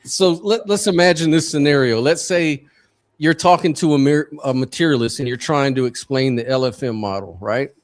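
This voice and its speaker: A man's voice: mid-range voice, moderate pace. A man in a live debate explaining his point through an imagined scenario. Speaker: debate panelist.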